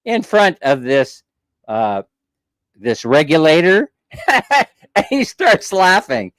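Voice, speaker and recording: A man's voice: a little high, very animated, slow pace, no room sound, low-quality recording. A man hosting a live stream, telling a long story in a chatty, jokey way and laughing along. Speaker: vlog host.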